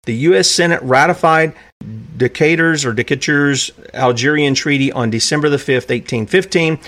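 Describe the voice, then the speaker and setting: Male host, fairly high voice, emphatic solo commentary with frequent asides. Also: normal speed, fairly bright tone. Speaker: podcast host. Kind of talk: solo commentary, reading from documents.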